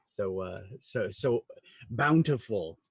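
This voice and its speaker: A man's voice: lowish voice, animated, slow, creaky, slightly rough, no echo. A man narrating as game master, hesitant and full of fillers and restarts. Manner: hesitant, many fillers and repeated words.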